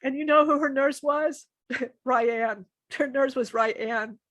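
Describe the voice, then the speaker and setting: High-voiced woman channeling a message. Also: fairly bright tone, dry recording. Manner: emotional, halting, with many restarts and repetitions. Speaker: spirit channeler.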